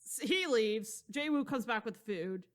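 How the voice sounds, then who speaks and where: A woman with a slightly high voice chats her way through a story recap. She talks loosely and wanders, tossing in "blah, blah" and the odd curse as she goes. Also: animated, measured pace. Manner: rambling, loose and profane, heavy on fillers like "blah, blah". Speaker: podcast co-host. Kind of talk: casual chat recapping a book.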